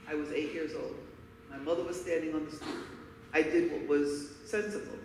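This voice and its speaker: This keynote speaker, a woman from Harlem, New York, shares personal stories with candor and emphasis. Her low, slightly mellow voice moves at normal speed with fairly even intonation, sounding distant in an echoey hall over a faint hiss or hum.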